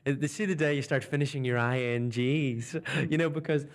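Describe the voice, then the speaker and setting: A man's voice: mid-range voice, fairly even intonation, fairly quick. A young man with a Northern Irish accent, a comedian guest telling stories in a radio interview. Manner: chatty storytelling, slipping into mimicked voices.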